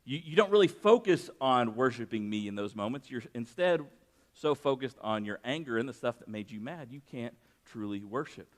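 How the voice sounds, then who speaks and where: A man's voice: mid-range voice, animated, normal speed. A man preaching a sermon, mixing scripture reading with personal stories and raising his voice for emphasis. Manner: conversational preaching with personal anecdotes, rising for emphasis. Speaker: pastor.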